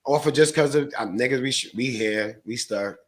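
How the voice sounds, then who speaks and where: A man's voice: medium pitch, normal speed. A man guest on a podcast, a stock trader, talking in a slangy, profane, rambling way. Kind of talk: casual podcast chat.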